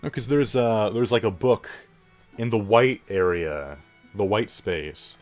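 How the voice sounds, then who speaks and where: A man's voice: fairly low pitch, a little slow, a little mellow, soft background music. A man co-hosting a let's play in casual gaming chat, thinking aloud in a hesitant way.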